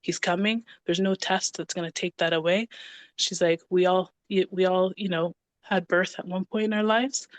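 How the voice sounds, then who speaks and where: A woman's voice: on the low side, moderate pace, no room sound. A woman in her thirties, a podcast guest, telling a personal story in casual conversation and acting out what others said. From Canada (Ontario). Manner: animated, acts out quoted dialogue.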